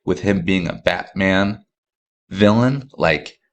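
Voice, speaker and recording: A man's voice: sits low, slow pace. A man hosting a podcast, talking casually and enthusiastically with lots of fillers and restarts. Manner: rambling, filler-heavy, enthusiastic. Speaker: podcast host.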